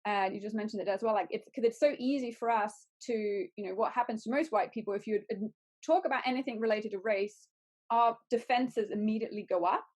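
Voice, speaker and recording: A woman's voice: a little high, brisk, darkish tone. A woman hosting a conversation, rambling with many fillers and restarts. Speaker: host.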